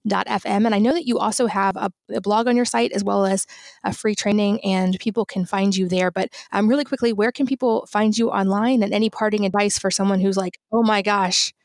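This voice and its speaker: A woman's voice: mid-range voice, steady tone, brisk, dry recording, clean studio sound. A woman hosting a podcast interview, asking friendly follow-up questions. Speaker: podcast host.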